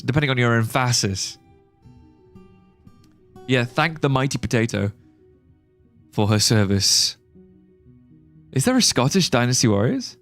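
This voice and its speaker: Lively man streaming casually. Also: mid-range voice, faint music behind. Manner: excitable, laughs often, quick exclamations. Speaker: live streamer. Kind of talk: casual livestream commentary.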